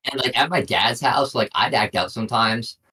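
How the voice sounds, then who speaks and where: On a distant mic, a young podcast co-host speaks at normal speed with a medium-pitched voice that sounds pushed and bright. His casual chat turns into long, rambling stories full of "I'm like."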